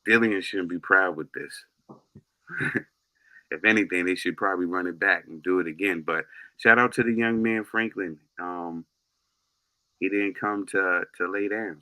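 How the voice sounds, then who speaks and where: A man giving a laid-back, halting take in casual boxing chat. His voice is very deep yet sharp and forceful in tone. The sound is dry and close. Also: dry recording, low-quality recording. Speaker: boxing show co-host. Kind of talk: casual sports talk.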